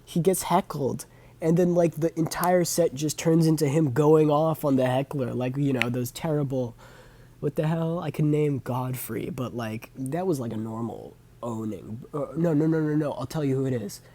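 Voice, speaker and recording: Husky young man rambling about movies. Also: a little high, normal speed, warm tone. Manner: rambling, filler-heavy, self-correcting. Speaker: vlogger. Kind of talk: casual movie review monologue.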